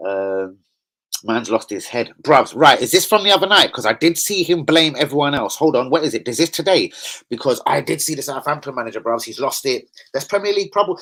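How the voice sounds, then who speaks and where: A man chatting excitably as a football fan vlogger, full of slang and swearing. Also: medium pitch, a little fast, low-quality recording. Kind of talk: casual fan chat.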